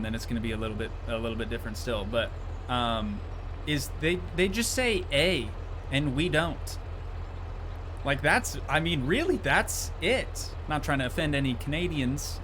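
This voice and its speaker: A man's voice: medium pitch, noisy background. Chatty man streaming a farming game. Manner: chatty, joking, reads and answers chat messages. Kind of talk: casual live-stream chat while playing.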